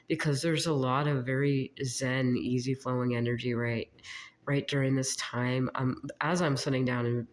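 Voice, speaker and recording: A psychic reader with a sick voice, giving a casual spiritual channeling session in a halting, meandering way with frequent giggles. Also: medium pitch, fairly even intonation.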